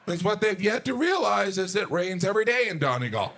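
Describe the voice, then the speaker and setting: A man performing a stand-up comedy routine, self-deprecating, acting out his own disbelief. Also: brisk. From United States. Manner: animated, self-deprecating, jumps to high outraged acted-out voices.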